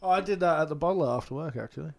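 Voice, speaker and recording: An Australian man co-hosting a casual podcast, easygoing and quick to chuckle along. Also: on the high side, gravelly, a loud crowd. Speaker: podcast co-host. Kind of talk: casual chat.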